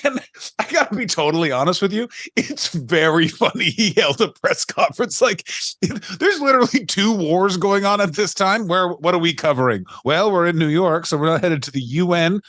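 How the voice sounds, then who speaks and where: Podcast man, profane ranting co-host, slightly high voice, dry sound. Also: animated, normal speed, fairly bright tone, no room sound. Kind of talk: casual chat.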